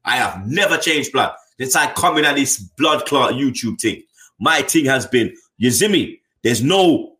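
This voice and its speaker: A man's voice: mid-range voice, animated, normal speed, pushed and bright, reverberant. A man, a football fan channel host talking bluntly in casual chat, full of slang and tag questions. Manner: blunt, slangy, keeps adding "you get me".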